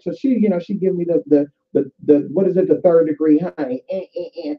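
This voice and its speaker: A woman's voice: lowish voice, very animated, brisk, few pauses. A woman vlogging casually about spiritual practice, chatty and profane, calling her viewers y'all. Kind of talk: casual spiritual advice and storytelling. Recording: tinny phone-like sound.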